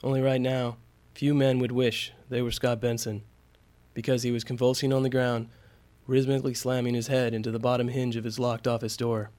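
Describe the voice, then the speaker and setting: Male storyteller, measured, suspenseful delivery, steady mid pitch. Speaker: narrator. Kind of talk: scripted story narration.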